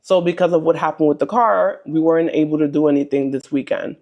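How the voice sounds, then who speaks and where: A woman's voice: deep voice, quick pace, dark tone. A young adult woman tells her faith testimony straight to camera. She talks in a casual, earnest, chatty way, with plenty of ums and likes. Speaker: vlogger sharing a testimony.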